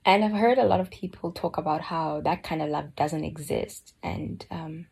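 A woman giving a slow, earnest personal reflection on a Bible book, often dropping to a soft near-whisper. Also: low-pitched, fairly even intonation, gravelly, slightly rough. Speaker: Bible study speaker.

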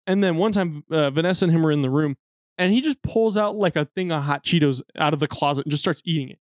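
A man's voice: fairly high pitch, fast, no room sound, clean studio sound. A man co-hosting a podcast, telling stories in a casual, profane, laughing way. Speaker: podcast co-host. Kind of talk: casual chat.

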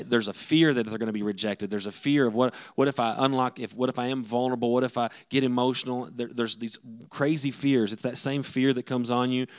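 A middle-aged man, a pastor, giving a conversational sermon-style talk on marriage to the men, with frequent restarts. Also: medium pitch.

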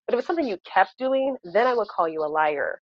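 A passionate woman co-hosting a casual faith podcast. She talks in an animated way, full of fillers and rising emphasis. The sound is dry and a little dull and lo-fi. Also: medium pitch, fast talker, dry recording. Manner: passionate, animated, with many fillers like "you know".

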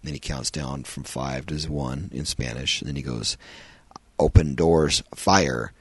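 A man's voice: rumbling low, steady tone, moderate pace, fairly bright tone, breathy edge, no echo. A man hosting a podcast, reviewing a film in a rambling, casual way with frequent ums and uhs.

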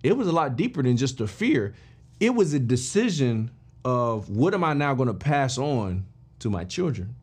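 A man hosting a podcast, telling a motivational story in an animated way and talking straight to his listeners. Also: mid-range voice, normal speed, slightly rough. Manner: animated, addresses listeners directly and informally; emphatic with frequent restarts and fillers. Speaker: podcast host.

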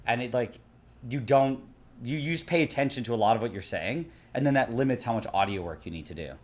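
A young voiceover artist in a casual chat, explaining audio work in a matter-of-fact way. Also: male voice, mid-range voice, animated, quick pace, a little mellow.

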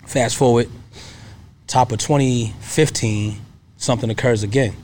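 Guest, male, 30s, mid-pitched. Earnest, casual storyteller with a faint noise under him. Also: fairly even intonation, unhurried, darkish tone. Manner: earnest, casual, often adds "you know what I mean". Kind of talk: personal storytelling in conversation.

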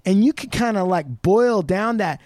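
A man's voice: high-pitched, lively intonation, normal speed, darkish tone. A man from the Pacific Northwest US, a podcast guest rambling in casual chat with lots of "like" and swearing. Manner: rambling, profane, full of "like".

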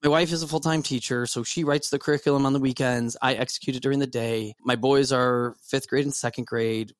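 A man in his forties with a medium-pitched voice chats as a podcast guest. He rambles and restarts his sentences often. The recording is dry and close. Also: steady tone, a little fast, no echo. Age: 40s. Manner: rambling, many restarts and fillers. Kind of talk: casual podcast conversation.

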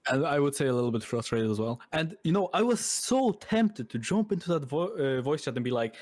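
A man's voice: mid-range voice, big pitch swings, fairly quick, no room sound. A man in his twenties with a mixed Irish accent, chatting casually and laughing often on a video call. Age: 20s. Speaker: podcast guest. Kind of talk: casual chat.

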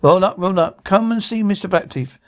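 A man's voice: high-pitched, normal speed, no room sound, clean studio sound, close to an everyday voice. An actor playing a sinister male puppet showman who barks gleefully to a crowd like a carnival host, in a children's TV horror drama. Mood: gleeful barker. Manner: showy, sing-song barking to a crowd.

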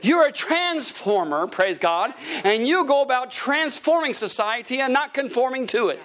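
Male pastor, middle-aged, high voice, preaching live in a church, dynamic swings from hush to shout. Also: expressive, moderate pace. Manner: tells a story with quoted dialogue. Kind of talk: sermon. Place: church sanctuary before a congregation.

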